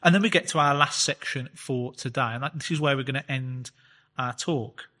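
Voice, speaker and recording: A man giving a chatty Bible teaching talk, reading scripture slowly and explaining it with fillers. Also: mid-range voice, pushed and bright. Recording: long reverb, hall-like space.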